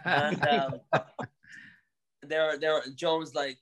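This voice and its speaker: A young Irish man from Ireland telling animated stories on a podcast, laughing, swearing and restarting his sentences. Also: a little high, normal speed, long pauses. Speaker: podcast guest. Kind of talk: casual storytelling.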